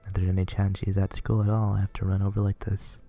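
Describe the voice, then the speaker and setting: A man reads a visual novel aloud, earnest and plain, stumbling now and then. His voice is very low, dark and creaky. Faint music plays underneath. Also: flat delivery, fast talker. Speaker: reader playing a visual novel.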